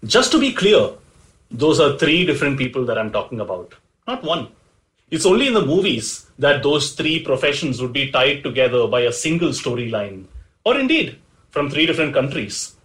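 Lively, animated male podcast host. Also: medium pitch, normal speed, rough recording. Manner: playful, chatty asides to the listener. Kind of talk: scripted storytelling narration.

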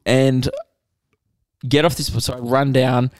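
A young Australian man, a comedian and podcast co-host, telling a story in an animated, swearing, act-it-out way. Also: medium pitch, takes it slowly, dry recording. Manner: animated, swears freely, acts out quotes.

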